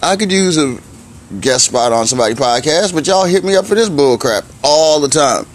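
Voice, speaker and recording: A man's voice: fairly high pitch, lively intonation, normal speed. A man delivering a blunt, profane comic rant in slangy casual speech, often climbing into exasperated outbursts.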